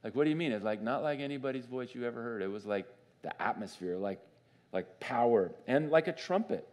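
A man preaching a sermon as pastor in a church, conversational and animated, often asking the congregation questions. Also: medium pitch, a little fast. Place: church sanctuary.

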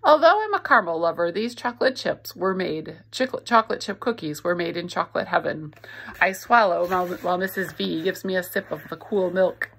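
A woman's voice: lowish voice, fairly quick, creaky, slightly rough. A woman reading a novel aloud, expressively voicing the narrator. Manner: expressive storytelling. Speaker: reader.

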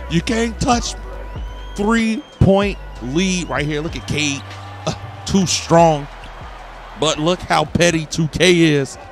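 A man talks over his video game in a slightly raised voice, hyping his own plays and griping at the game in loose trash-talk. Game music plays clearly underneath him. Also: fairly high pitch. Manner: hyped, trash-talking play-by-play with laughs. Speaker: gaming video creator. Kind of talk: gameplay commentary.

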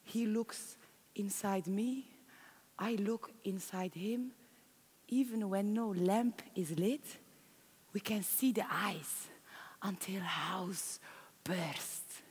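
Actress voicing a immigrant woman in a stage monologue; slow broken English, big hall reverb. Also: medium pitch, mellow, breathy edge. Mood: tender. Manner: broken English, plain storytelling. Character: Turkish immigrant woman recounting her marriage. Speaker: stage performer. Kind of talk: theatrical monologue. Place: large conference hall. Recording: long reverb of a conference hall.

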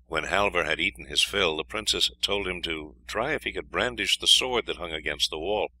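A man reading a fairy tale aloud in an expressive, lively storytelling manner. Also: deep voice, moderate pace, few pauses, poor audio. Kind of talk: scripted fairy-tale narration.

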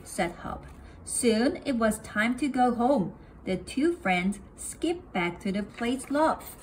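Woman, storybook reader, slow careful pace, higher pitch, children's picture book. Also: animated, slight background noise. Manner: slow, careful read-aloud pacing.

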